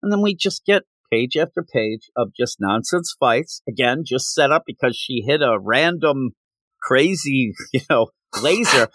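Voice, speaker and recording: A man co-hosting a podcast, reviewing comic books in casual chat and acting out characters' lines in quick voices. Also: medium pitch, animated, a bit bright, no room sound. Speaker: podcast co-host.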